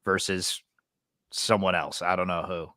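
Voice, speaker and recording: A man's voice: low voice, fairly even intonation, measured pace, sharp tone, no echo, clean studio sound. A man co-hosting a casual podcast chat, telling stories in a laid-back, amused way. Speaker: podcast co-host.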